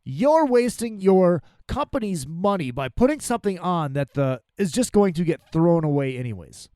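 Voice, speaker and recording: A podcast host ranting angrily and profanely about a restaurant, full of exasperation. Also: male voice, high-pitched, very animated, moderate pace, dark tone, clear, resonant tone, dry recording, clean studio sound.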